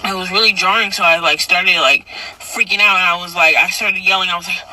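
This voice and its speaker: A person telling a personal story in casual chat, animated and acting out quotes with sudden loud, high bursts, recorded in a car. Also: quick pace, slight background noise, poor audio.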